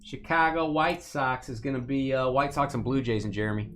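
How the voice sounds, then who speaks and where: A man's voice: mid-range voice, fairly quick, background noise. A man hosting a live trading-card break, calling out cards and playfully teasing viewers by name. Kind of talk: casual live-stream commentary.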